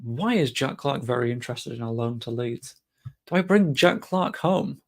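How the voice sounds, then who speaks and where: A man's voice: mid-range voice, animated, moderate pace, gravelly. A young man giving casual, chatty commentary while playing a game, muttering to himself and swearing offhand. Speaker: gaming streamer.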